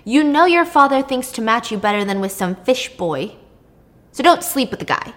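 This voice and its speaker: A woman's voice: fairly high pitch, big pitch swings, fairly bright tone. A woman doing a stern old goddess grandmother. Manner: stern, dismissive, slow.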